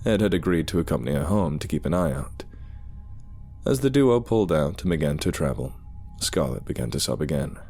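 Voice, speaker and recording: A man with a very deep, husky voice telling a horror story, his intonation rising and falling freely. Faint dark music sits under his words. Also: very animated, fairly quick. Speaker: narrator.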